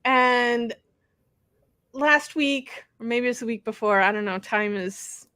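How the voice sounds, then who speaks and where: A middle-aged woman talks in a casual, rambling way, full of "um" and "you know". Her voice sits a little high and sounds bright and clear. The recording is dry and close, with no room sound. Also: measured pace, dry recording. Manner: chatty, rambling with fillers and restarts. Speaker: podcast co-host and bodywork practitioner. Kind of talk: casual chat.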